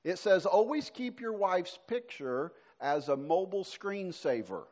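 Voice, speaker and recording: Lively high-voiced male pastor preaching. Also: a little slow. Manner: preaching with swings between emphatic and soft, hushed delivery. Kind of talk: sermon.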